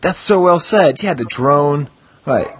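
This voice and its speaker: A man's voice: fairly high pitch, lively intonation, a little slow, over a noisy crowd. A man hosting a podcast, chatting and reading descriptions aloud with amused mock gravity. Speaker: podcast host.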